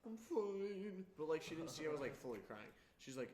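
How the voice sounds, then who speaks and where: A man's voice: mid-range voice, racing. Young male co-host, crude blunt teasing, roomy sound with faint noise. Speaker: podcast co-host. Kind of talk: casual chat.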